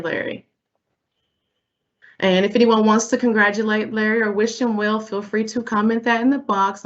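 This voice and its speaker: A woman hosting a remote HR chapter meeting, speaking warmly and laughing lightly between remarks. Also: mid-range voice. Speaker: meeting host. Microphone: video call. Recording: dull lo-fi webinar audio.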